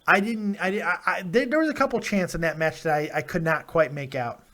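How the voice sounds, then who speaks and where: Man, live stream host, rambling and excitable, slightly high voice, casual chat. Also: a little fast. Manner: excitable, rambling, laughs often. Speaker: host of a wrestling review show.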